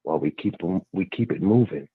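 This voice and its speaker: Man, low pitch, husky, earnest, halting, phone-line audio. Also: expressive, no room sound. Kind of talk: casual radio talk.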